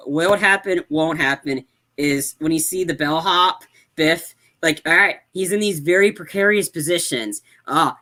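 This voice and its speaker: A man in his twenties chatting casually about movies on a podcast, animated and laughing, acting out lines in exaggerated voices. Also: a little high. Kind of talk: casual movie review chat.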